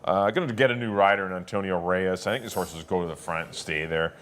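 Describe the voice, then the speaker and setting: A man giving his horse racing picks in a relaxed, halting way, with plenty of filler words. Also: sits low. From Canada. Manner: relaxed, hesitant with many uhs. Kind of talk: casual racing picks chat.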